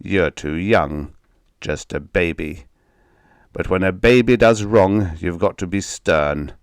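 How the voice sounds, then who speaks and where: A cruel stepfather sneers in slow, menacing words in a storybook reading, as a man voices him. The voice is low and close in a dry space. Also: no room sound.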